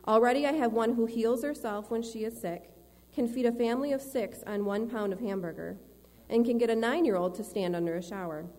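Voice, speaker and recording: A woman's voice: fairly high pitch, fairly quick, hardly any pauses, mellow, close to an everyday voice. A woman reading aloud the lines of God as a tireless male creator, in a reverberant church hall. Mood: earnest. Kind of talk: read-aloud church storytelling.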